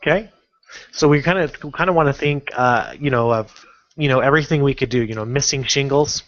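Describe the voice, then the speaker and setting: A man teaching an online course in a casual, halting screen-recorded tutorial, full of fillers and restarts. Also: medium pitch, fairly bright tone, no room sound, dull audio. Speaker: online marketing instructor.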